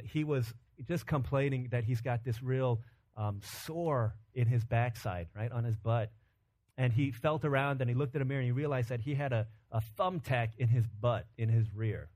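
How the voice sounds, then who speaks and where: A man preaching a sermon with animated delivery, acting out voices in quotes. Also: medium pitch. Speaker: pastor.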